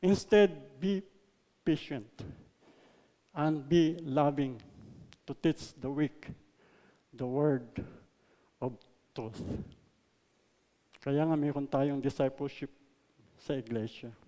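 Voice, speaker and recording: A man with a Filipino accent preaching a sermon, mixing English and Tagalog, stressing words loudly and then letting lines trail off softly. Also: mid-range voice, slow, long pauses, in a large hall. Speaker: pastor. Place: church hall.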